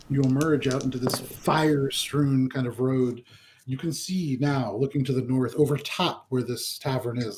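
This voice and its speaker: A man serves as game master, describing a burning town at a tabletop game. His voice sits at an ordinary middle pitch. He narrates loosely, with frequent ums and kind ofs. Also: a little mellow. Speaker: dungeon master.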